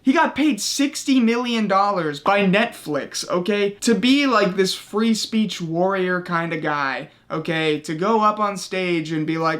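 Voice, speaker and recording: A man with a high, light voice rants about other people's choices in his own online commentary. He swears freely and sounds exasperated, pressing each point with a mocking "okay?" as he goes. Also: animated, unhurried, few pauses, a bit bright. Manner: profane, exasperated, keeps asking "okay?". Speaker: commentary YouTuber. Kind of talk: ranting commentary.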